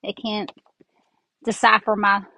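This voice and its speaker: A Southern woman hosting a casual craft tutorial rambles as she works with her hands, a little congested from her sinuses. She speaks slowly in a flat, medium-pitched voice that is creaky, pushed and bright. The earbud mic makes for a rough recording with a little hiss or hum.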